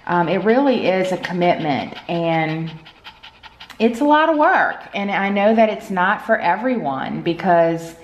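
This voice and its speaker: A woman's voice: fairly low pitch, expressive, unhurried, lo-fi sound, a little hiss or hum. A woman chatting casually at home as a pet vlogger, filling her talk with "you know.". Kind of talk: casual chat. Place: home at night. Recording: echoey room.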